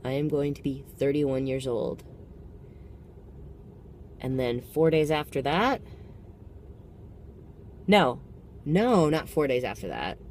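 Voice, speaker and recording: A man in his thirties giving a heartfelt personal vlog reflection, pausing to count and correct himself. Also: medium pitch, animated, a little mellow, slight background noise. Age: 30s.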